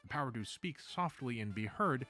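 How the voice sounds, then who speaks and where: A man narrates a video essay from a script, his pitch rising and falling in an animated way as he moves through the points. His delivery is measured, and he drops in wry asides along the way. Soft music runs faintly underneath.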